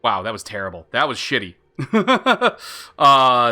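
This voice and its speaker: A man's voice: medium pitch, wildly swooping pitch, measured pace, pushed and bright. A man streaming a video game live, chatting in a rambling way, laughing at himself and swearing casually.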